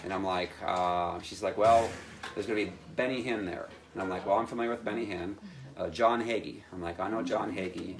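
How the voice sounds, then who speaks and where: Man, lowish voice, animated storyteller, live audience audible. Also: fairly quick, a crowd in the background. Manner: lively storyteller acting out his own quotes, laughing often. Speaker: speaker telling his testimony.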